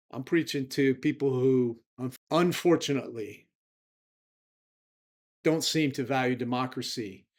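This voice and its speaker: A man speaks straight to his viewers in casual political commentary, indignant and chatty. His voice sits at a middling pitch. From United States. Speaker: vlog host.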